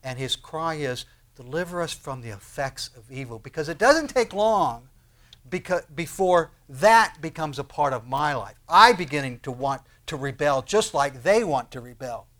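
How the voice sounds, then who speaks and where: A pastor preaches a sermon, moving between hushed, low phrases and loud, emphatic ones while posing rhetorical questions to his listeners. His pitch swings widely and his pace is a little slow.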